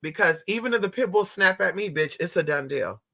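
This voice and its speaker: A brash, profane streamer dramatizes a story for his audience, voicing both people and dogs. His delivery is expressive and brisk, pushed and bright with vocal fry, and it veers between squealing highs and muttered lows.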